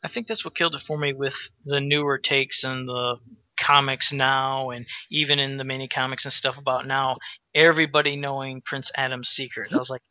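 A man's voice: mid-range voice, level tone, brisk, no echo. A man in a casual podcast chat who makes his points emphatically, in a complaining tone. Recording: dull, dry lo-fi sound.

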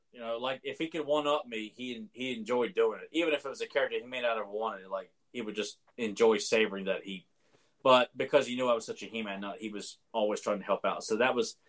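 A man with an ordinary mid-pitched voice chats casually on a podcast. He is blunt, swears freely and grows excitable when recalling old stories. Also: fast. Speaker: podcast co-host. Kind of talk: casual chat about toy collecting.

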